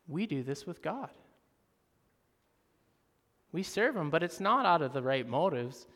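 A man preaching a sermon, moving between soft, slow passages and loud, emphatic ones. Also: a little high. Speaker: pastor. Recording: reverberant hall.

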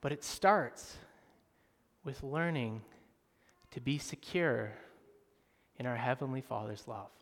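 A man preaching a sermon, moving between soft, slow passages and loud, emphatic ones. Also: medium pitch. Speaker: pastor. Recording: reverberant hall.

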